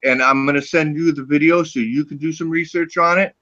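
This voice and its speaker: A man's voice: fairly high pitch, fairly even intonation, a little fast, sharp tone, no room sound. A man on an online call talking casually and emphatically, hedging his points. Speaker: guest on a call show. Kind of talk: casual chat. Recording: dull lo-fi call audio.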